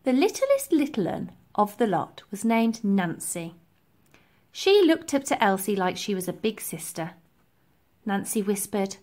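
A woman reading a children's storybook aloud, telling it in an expressive, lively way. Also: medium pitch. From England. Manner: lively, expressive storytelling with slow deliberate pacing. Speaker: reader.

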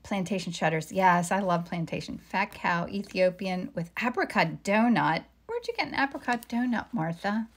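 The middle-aged woman hosting this painting live stream has a mid-range, expressive voice, speaking at normal speed with hardly any pauses. She chats casually with viewers, reads their comments aloud, and murmurs to herself as she works.

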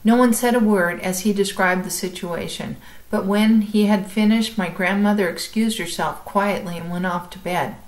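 A woman calmly reading a chapter book aloud, as if to a class. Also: mid-range voice, low-quality recording. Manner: calm, measured storytelling.

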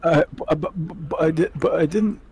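A man's voice: on the high side, brisk, a little mellow. A man playing through a game with friends, casually pointing out tips. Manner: helpful, gives game tips. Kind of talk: casual let's-play banter.

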